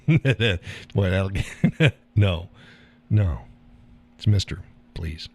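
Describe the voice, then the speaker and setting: A man's voice: sits low, expressive, very slow, darkish tone, slight background noise. A middle-aged man hosting a live stream, talking bluntly with profanity and frequent laughter. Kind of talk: casual monologue. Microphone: audio call or stream mic.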